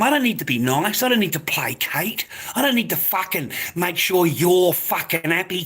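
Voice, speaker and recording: An older Australian man ranting in a profane monologue, aggressive and swearing constantly with loud outbursts. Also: sits high, animated, moderate pace, hardly any pauses. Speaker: vlogger.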